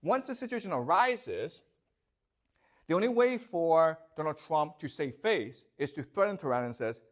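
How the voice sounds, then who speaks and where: A man's voice: a little high, big pitch swings, measured pace, pauses often. A man lecturing a classroom, asking students questions and checking often whether they follow.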